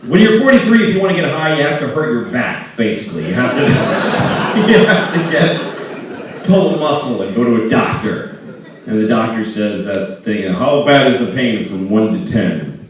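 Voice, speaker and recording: A man in his forties doing stand-up, telling a story and acting out voices, swinging from low mutters to shouts. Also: big pitch swings, moderate pace, very noisy. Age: 40s. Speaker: stand-up comedian. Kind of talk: stand-up comedy. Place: large live venue. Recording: echoey live venue, distant mic, loud crowd. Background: laughing audience.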